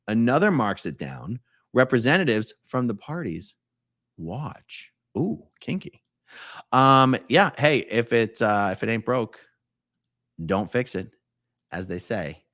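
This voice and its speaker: A man hosting a casual live stream, his pitch leaping around as he chats and jokes. He reads viewer comments out loud, shifting from loud exclamations to quiet mumbled asides. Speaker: livestream host.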